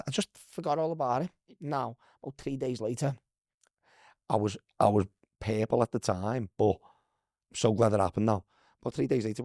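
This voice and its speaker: A Scouse man with a fairly low voice tells stories in a loose, chatty way, swearing freely and calling people lad. The sound is dry and close, with no room around it. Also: dark tone, dry recording. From Liverpool, England. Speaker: guest, former footballer. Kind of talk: casual storytelling chat.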